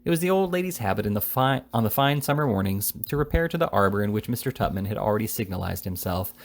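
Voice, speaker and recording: A man's voice: fairly low pitch, expressive, fast talker. A man casually reading a classic novel aloud, with frequent small slips and restarts. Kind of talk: casual read-aloud narration.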